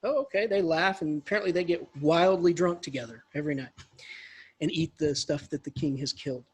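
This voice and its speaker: Male professor, casual animated lecture, high husky voice. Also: brisk. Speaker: English professor. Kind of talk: lecture retelling a story.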